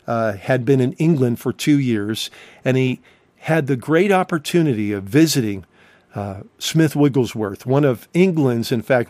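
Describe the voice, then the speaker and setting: A man's voice: medium pitch, darkish tone, no room sound. A man preaching a recorded sermon, emphatic and fond of rhetorical questions.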